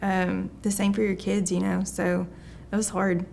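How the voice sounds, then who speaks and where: Flat, creaky-voiced woman sharing a story. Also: mid-range voice, a little hiss or hum. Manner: soft, halting, hesitant delivery. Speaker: church testimony speaker. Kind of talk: personal testimony.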